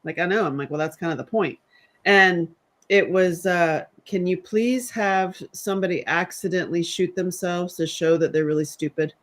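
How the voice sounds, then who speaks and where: A man from the American South chatting casually and telling animated stories, acting out what others said. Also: high voice, moderate pace. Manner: animated storyteller, acts out quotes. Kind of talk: casual chat.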